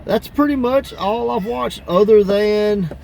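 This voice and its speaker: A man hosting a casual wrestling podcast, laughing often and acting out quoted wrestlers in higher voices. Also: unhurried, gravelly, darkish tone, slight background noise. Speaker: podcast host.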